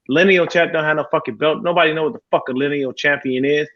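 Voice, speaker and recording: A man's voice: fairly high pitch, fairly even intonation, fast talker, no echo. Male podcast co-host, profane and rambling, dry close lo-fi sound. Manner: profane, rambling, many fillers. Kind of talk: casual sports chat.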